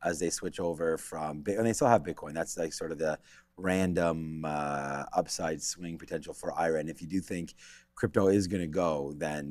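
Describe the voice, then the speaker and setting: A man with a very low, deep voice talks through stock charts on a live market show, thinking aloud as he goes. The sound is dry and close, with no room echo. His delivery rambles and circles back on itself. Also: a little mellow. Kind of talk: live trading commentary.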